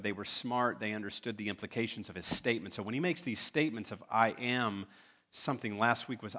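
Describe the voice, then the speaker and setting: A man preaching a sermon in a church, talking in a relaxed way and making joking asides to the congregation. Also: on the low side. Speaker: pastor. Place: church sanctuary.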